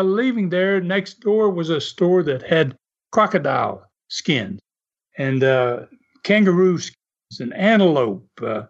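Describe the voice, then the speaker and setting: A man's voice: medium pitch, creaky, fairly bright tone. An older man from the American South with a Southern drawl, telling stories casually with chuckles and many "uh" fillers. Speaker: former wrestler telling stories. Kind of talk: casual storytelling. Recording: dull lo-fi audio.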